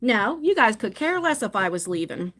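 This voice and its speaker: A middle-aged woman with a fairly high voice, chatting casually into her phone during a live stream. She tells family stories in a loose, rambling way, often stopping and restarting her sentences. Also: big pitch swings, normal speed, a bit bright. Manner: chatty storyteller with many restarts. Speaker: vlogger.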